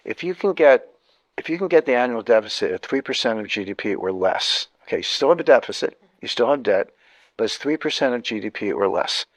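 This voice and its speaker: A man's voice: medium pitch, expressive, brisk, no room sound. A man, a guest in an interview, explaining economics emphatically, repeating key points and often restarting sentences.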